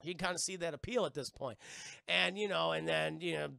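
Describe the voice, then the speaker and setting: Gravelly, crude man rambling through a film recap. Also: a little high, fairly quick, bright, forceful tone, no echo, clean studio sound. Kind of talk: casual profane film recap.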